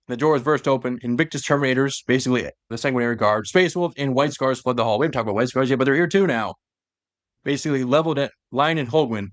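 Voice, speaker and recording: A man's voice: medium pitch, fast, dry recording, studio quality. A young man co-hosting a podcast, retelling a story in a loose, rambling way with asides. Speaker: podcast co-host. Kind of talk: casual chat retelling a story.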